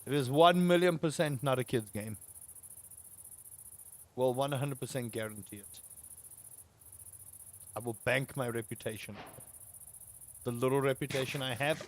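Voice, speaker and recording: A man's voice: medium pitch, a bit bright. A South African man chatting casually while live-streaming a game, ranting with playful exaggeration and greeting viewers.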